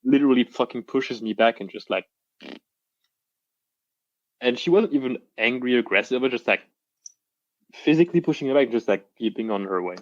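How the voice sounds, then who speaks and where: A young man, a coaching client, telling his story in a casual interview with halting restarts, reenacting what others said. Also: medium pitch, no room sound, highs cut off.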